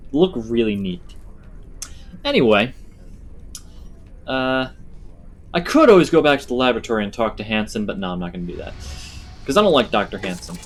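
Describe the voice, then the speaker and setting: A man giving casual let's-play commentary, chatty and thinking aloud. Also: mid-range voice. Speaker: gamer.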